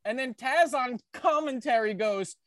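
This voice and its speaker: A man's voice: extremely high pitch, unhurried, a bit bright, no room sound. A man co-hosting a podcast in casual chat, rambling through a crude, profane story and often cracking up laughing. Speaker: podcast co-host.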